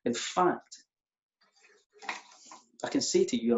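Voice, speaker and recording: A middle-aged man, a church minister, speaking openly and reflectively in an interview, often halting and repeating words. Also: on the high side, lively intonation. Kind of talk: candid conversational interview. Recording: echoey, dull lo-fi audio.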